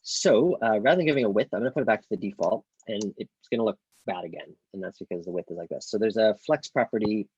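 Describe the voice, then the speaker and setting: Male coding tutor: low, gravelly, husky voice, casual screen-recorded walkthrough full of ums and self-corrections. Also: quick pace, few pauses, darkish tone, no room sound, highs cut off. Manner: thinks aloud with many ums, self-corrections. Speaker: coding instructor.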